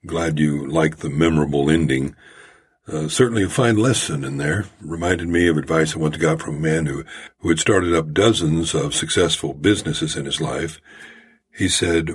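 A man hosting his own storytelling podcast, talking in a measured, folksy way. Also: very deep voice, husky. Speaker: podcast host. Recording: home-made podcast audio.

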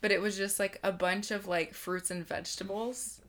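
A woman's voice: mid-range voice, fairly even intonation, moderate pace, fairly bright tone. A woman in her twenties co-hosting a podcast, telling a story in casual chat, rambling with lots of "like" fillers and swearing freely. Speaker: podcast co-host.

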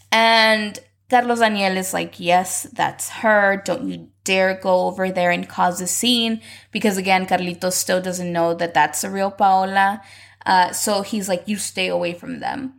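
A woman casually recapping a soap opera, animatedly acting out the characters' lines in quick voices. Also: medium pitch, creaky, a bit bright. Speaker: recap commentator.

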